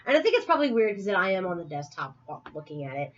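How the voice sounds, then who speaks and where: A woman's voice: on the low side, very animated, rapid-fire, muffled recording. A woman co-hosting a casual podcast chat, telling a story and laughing often. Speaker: podcast co-host.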